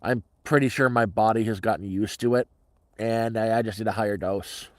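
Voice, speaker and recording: A man's voice: fairly low pitch, steady tone, brisk, no echo. A middle-aged man telling a story on a casual livestream in a blunt, heavily profane, agitated way.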